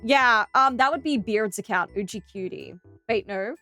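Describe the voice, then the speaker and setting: A young Australian woman streaming live, chatting with her viewers in an animated, giggly, exclamatory way. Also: on the high side, moderate pace, faint music behind.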